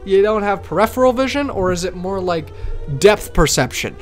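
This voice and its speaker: A man commenting live on a horror game, joking and swearing, chatting with in-game characters and viewers, swinging from loud outbursts to quiet mumbling. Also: sits high, normal speed, faint music behind. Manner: talks to in-game characters and chat. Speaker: let's play streamer.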